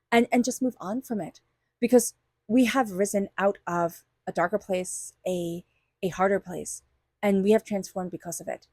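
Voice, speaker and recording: A woman's voice: medium pitch, fairly even intonation, normal speed, warm tone, no echo, clean studio sound. A woman tarot reader giving a monthly reading straight to her viewers, chatty and enthusiastic, sometimes acting out little quoted voices.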